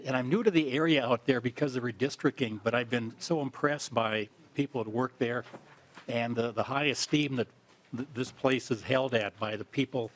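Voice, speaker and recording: Halting man presenting a bill. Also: medium pitch, a little hiss or hum. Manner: plain, halting, many fillers.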